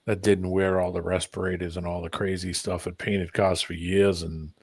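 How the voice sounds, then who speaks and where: A man's voice: sits low, little pitch movement, normal speed, slightly rough, dry recording. A man in a casual chat, mostly chiming in with brief agreement.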